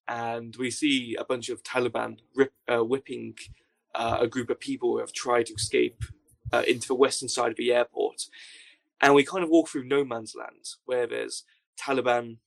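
A young man telling a story as a podcast guest, with dry, deadpan understatement. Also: mid-range voice, creaky. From Wales. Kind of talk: casual storytelling anecdote.

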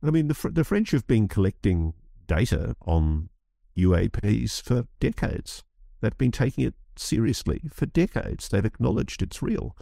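A man with a deep, gravelly voice argues his case in an interview, his pitch leaping up as he presses each point and restarts phrases. His tone is dark and mellow, and the recording is close and dry. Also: sing-song, moderate pace, no room sound. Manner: impassioned, restarts phrases, rising emphasis. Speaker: guest commentator. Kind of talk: animated interview talk.

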